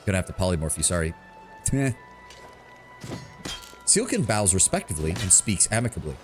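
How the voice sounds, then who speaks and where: A man's voice: deep voice, big pitch swings, normal speed, pauses often, over music. A man streaming a video game, talking in casual, playful asides. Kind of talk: gaming commentary.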